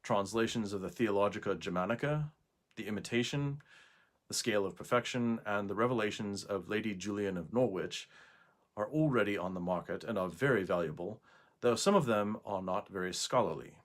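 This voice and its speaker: A man reading a scholarly prose passage aloud in an attempted English accent, measured and deliberate, recorded indoors. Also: fairly low pitch, close to an everyday voice. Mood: earnest.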